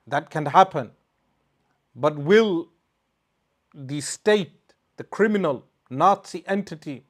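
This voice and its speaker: A male religious scholar lecturing a live audience, his voice sitting a bit higher than most men's. He talks emphatically, stacking rhetorical questions as he retells a story. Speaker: Islamic scholar and speaker.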